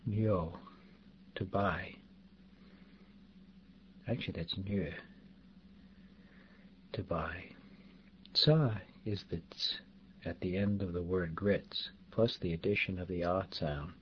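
A man teaching pronunciation in a slow, deliberate way, spelling out sounds and repeating example words. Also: low-pitched. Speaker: language teacher. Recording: dull lo-fi recording, faint background noise.

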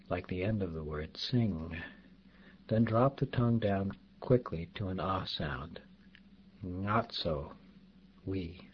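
A man teaching pronunciation in a slow, deliberate way, spelling out sounds and repeating example words. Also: sits low. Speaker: language teacher. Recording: dull lo-fi recording, faint background noise.

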